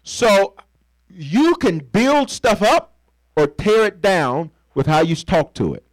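A man's voice: high voice, very animated, takes it slowly, no echo, rough recording. A pastor preaching a sermon in a conversational, playful way, calling on the congregation to finish his lines and acting out little scenes. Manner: call-and-response preaching, asks the congregation to fill in words.

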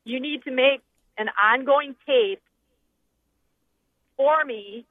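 A woman's voice: high-pitched, slow pace, no echo. A woman calling in to a radio show, teasing the hosts in a playful way. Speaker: caller. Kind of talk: call-in radio chat. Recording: tinny phone line.

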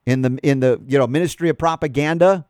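A man's voice: mid-range voice, fast talker, a little mellow, dry recording, studio quality. A man hosting a talk radio show, reading an article aloud and adding emphatic commentary.

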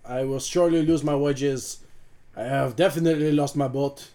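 A man's voice: medium pitch, dark tone, lightly acted. A man putting on a bumbling shipwrecked sailor. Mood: flustered. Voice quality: exaggerated, wobbling foreign accent. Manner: halting, full of ums and restarts. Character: hapless male sailor who lost his cargo.

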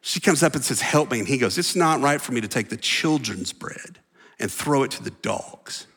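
A man preaching a sermon as pastor, animated, acting out voices and dropping at times to a near whisper. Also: medium pitch, normal speed, breathy edge. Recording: long reverb of a large hall.

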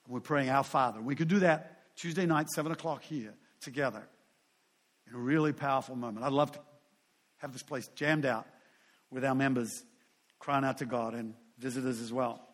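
A man's voice: medium pitch, fairly even intonation, moderate pace. A man in his sixties, a pastor preaching a sermon in a loose, conversational way, full of asides and self-deprecating humor.

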